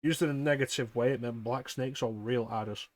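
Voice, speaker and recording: A man's voice: mid-range voice, steady tone, no echo. A man hosting a game stream, chatting casually and swearing as he jokes and reads things aloud. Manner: crude, joking, reads aloud haltingly. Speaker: streamer host. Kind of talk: casual chat while gaming.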